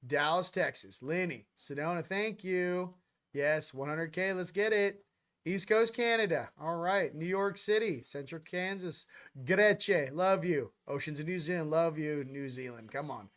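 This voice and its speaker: A man hosting a casual live stream, chatting loosely and reading out viewer shout-outs with upbeat energy. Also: fairly high pitch, a little slow. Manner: loose and rambling, with fillers.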